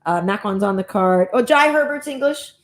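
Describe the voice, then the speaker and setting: A woman hosting a casual chat show, talking in a chatty, enthusiastic way with quick asides. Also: medium pitch, lively intonation. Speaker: host.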